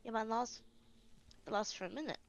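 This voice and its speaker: A woman's voice: fairly high pitch, a little fast, clear, resonant tone, lo-fi sound. A woman playing a tabletop game, chatting casually. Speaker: player.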